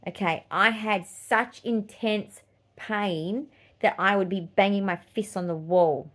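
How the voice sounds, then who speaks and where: Speaking slowly in a medium-pitched, fairly bright voice, an Australian-accented woman in her forties hosts her podcast. The monologue is casual and blunt, peppered with swearing and laughs between points.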